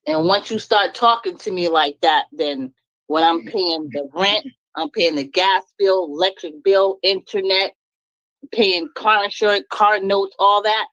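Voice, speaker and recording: A woman's voice: mid-range voice, measured pace, fairly bright tone, no echo, lo-fi sound. A woman speaking candidly in a blunt, emphatic way and laughing now and then between her points. Her voice sits in a middle register. The sound is dry and close. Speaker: guest speaker. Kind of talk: candid personal venting.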